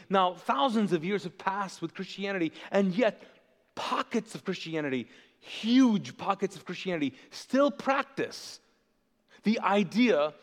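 Impassioned high-voiced male pastor preaching. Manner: impassioned, asks the congregation to fill in words. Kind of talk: sermon. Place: church sanctuary. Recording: long hall reverb.

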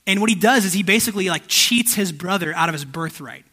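A man's voice: high voice, expressive, fast, pushed and bright, slightly rough. A young man giving a casual, conversational sermon that keeps checking in with his listeners.

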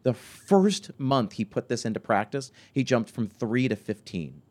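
A man's voice: mid-range voice, unhurried. A man in his forties, a podcast host and restaurant consultant, telling stories in a conversational interview with lots of restarts and fillers. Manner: animated storytelling, many restarts and fillers.

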